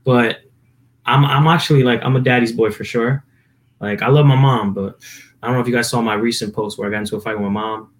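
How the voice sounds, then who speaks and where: A man's voice: medium pitch, steady tone, quick pace. A young man from New Jersey, a musician guest chatting casually on a podcast, telling stories in a rambling way full of fillers. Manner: rambling, filler-heavy storytelling.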